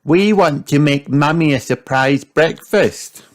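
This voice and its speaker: A man voicing a bubbly little girl piglet in a storybook read-aloud, high and eager. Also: big pitch swings, slow pace, fairly bright tone, full character voice. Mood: excited.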